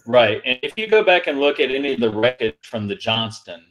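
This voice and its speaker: A man on a video call telling a halting, rambling anecdote about a museum ship, with many restarts. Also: mid-range voice, expressive, fairly bright tone, highs cut off. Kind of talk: livestream storytelling. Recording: video call audio, feed breaking up.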